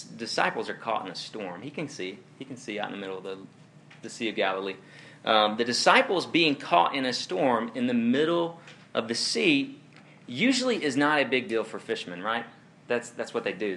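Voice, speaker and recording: Young male pastor, casual sermon delivery, chuckles through stories, crisp bright tone. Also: fairly low pitch, slight background noise. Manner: animated, chuckling, storytelling asides. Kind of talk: conversational sermon.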